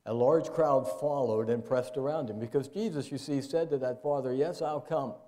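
A man's voice: moderate pace, mellow. An older man preaching a sermon to his congregation in a folksy, conversational way. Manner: conversational, folksy, jumps into high playful voices for asides. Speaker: pastor. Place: church sanctuary.

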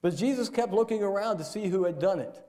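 Preaching to his congregation in a church sanctuary, the older pastor talks fairly quickly in a mellow voice. His manner is chatty and folksy, and he breaks into playful, high-pitched voices whenever he makes an aside.

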